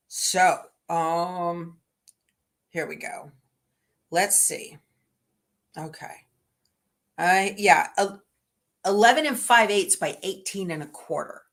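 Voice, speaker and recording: Chatty woman hosting a livestream. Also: a bit bright. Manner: chatty and homey, talks to her dogs in a high baby voice. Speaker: livestream host. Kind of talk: casual livestream chat.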